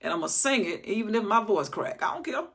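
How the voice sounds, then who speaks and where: Older woman Bible teacher, folksy and animated, husky worn voice, acts out the verses. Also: medium pitch, fairly quick. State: voice recovering, slightly worn.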